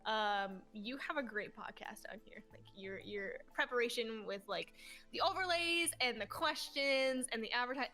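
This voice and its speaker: A woman's voice: on the high side, normal speed, pushed and bright, faint music behind. A young adult woman, a podcast guest, chatting casually in a bubbly way and swearing freely. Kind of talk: casual chat.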